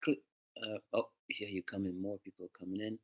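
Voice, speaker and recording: A man hosting a casual music livestream, greeting viewers by name in a relaxed, chatty way and slipping into French and Spanish greetings. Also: fairly low pitch, brisk, slightly rough. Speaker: musician hosting a live stream.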